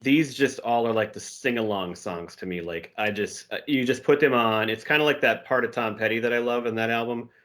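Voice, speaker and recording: A man co-hosting a podcast in casual chat, talking about songs with enthusiasm and drifting softer as he muses. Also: medium pitch, brisk, hardly any pauses. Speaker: podcast co-host.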